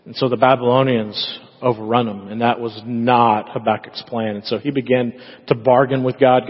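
Husky preacher in an echoey church. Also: male voice, medium pitch, steady tone, normal speed. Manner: conversational, acts out prayers in quoted voices. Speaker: pastor. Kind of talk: sermon. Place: church sanctuary. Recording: echoey hall, dull lo-fi sound.

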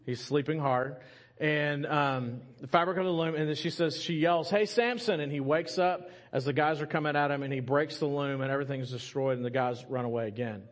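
Chatty preacher with a higher voice. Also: male voice, fairly even intonation, brisk. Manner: conversational storytelling with asides and humor to the congregation. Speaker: pastor. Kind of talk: sermon retelling a scripture story.

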